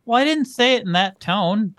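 A man's voice: sits high, expressive, normal speed, fairly bright tone. A man co-hosting a comedy podcast, playing a dry, wry straight man who goes along with his partner's jokes. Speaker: podcast co-host. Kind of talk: comedy chat.

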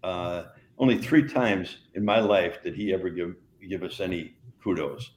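A deep-voiced older man tells long rambling stories in a casual podcast chat. He restarts his sentences often and laughs as he goes. The sound is echoey, with a faint hiss behind him. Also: normal speed. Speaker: podcast co-host, retired wrestler.

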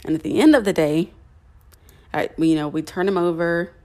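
A woman's voice: fairly low pitch, moderate pace, a little mellow. Chatty young woman telling her story. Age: young adult. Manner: chatty, many fillers and restarts. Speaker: podcast host. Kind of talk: personal storytelling to listeners.

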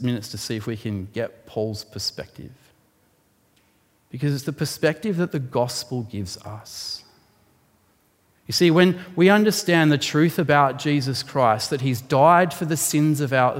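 A man preaching a sermon, explaining a Bible passage in an animated way and rising sharply for emphasis. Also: mid-range voice. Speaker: pastor. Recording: long hall reverb.

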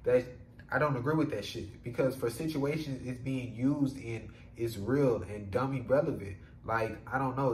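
A man's voice: medium pitch, normal speed, darkish tone. A man rambles through a solo podcast monologue. His talk is loose and profane, full of "you know what I'm saying". The room is echoey and a faint hum sits underneath. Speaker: podcast host.

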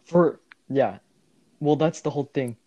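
A man's voice: fairly high pitch, unhurried, warm tone, no echo. Young man chatting casually, laughing often. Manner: rambling, laughing, quoting himself. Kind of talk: casual chat.

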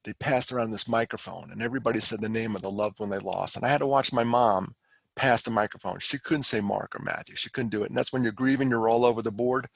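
Gravelly man telling a story animatedly. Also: medium pitch, fast, no echo. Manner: animated storyteller who acts out quoted lines and laughs often. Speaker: guest speaker on suicide prevention. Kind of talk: casual storytelling conversation. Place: on the East Coast of the United States.

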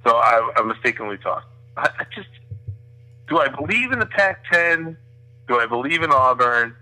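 A man's voice: mid-range voice, sing-song, moderate pace, pushed and bright, low-quality recording. A man co-hosting a sports betting podcast, joking and sarcastic, often hesitating and restarting his sentences. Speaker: podcast co-host. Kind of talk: casual sports betting chat.

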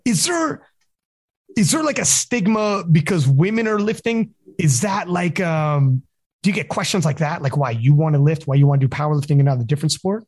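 A man's voice: a little high, brisk, breathy edge. A man chatting casually on a podcast, telling stories loosely and animatedly, swearing freely and acting out what people said. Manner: animated storyteller who swears freely and acts out quotes.

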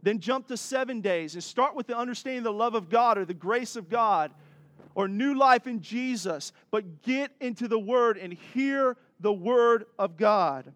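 Higher-pitched pastor preaching. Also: male voice, expressive, normal speed, a bit bright. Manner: earnest, exhorting, with laughs and asides. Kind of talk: sermon.

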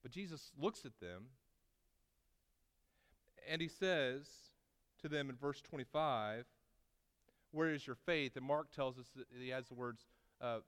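A man's voice: mid-range voice, measured pace, long pauses. Man preaching in a reverberant hall. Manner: preaching with wide swings between loud emphasis and quiet asides. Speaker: pastor. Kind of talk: sermon.

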